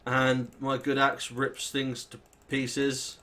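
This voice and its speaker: Rambling British lad narrating gameplay. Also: male voice, medium pitch, completely flat delivery, takes it slowly, bright, forceful tone, slight background noise. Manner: rambling, self-deprecating, thinks aloud while playing. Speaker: let's play host. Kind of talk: casual gameplay commentary.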